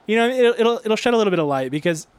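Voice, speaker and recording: Casting: male podcast host, slightly high voice, upbeat, rambles and restarts. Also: animated, racing, smooth, no room sound. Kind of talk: casual chat.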